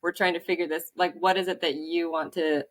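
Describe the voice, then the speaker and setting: A woman's voice: on the low side, steady tone, a little fast. Giggly woman retelling stories. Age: adult, married. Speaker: podcast co-host. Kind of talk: casual chat.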